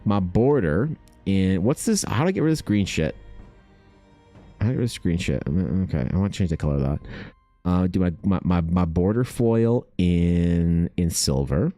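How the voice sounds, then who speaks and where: A young man streaming casually, excitable and thinking aloud, swearing freely as he chats. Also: low voice, moderate pace, dry recording, faint music behind. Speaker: art streamer. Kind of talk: casual livestream chat.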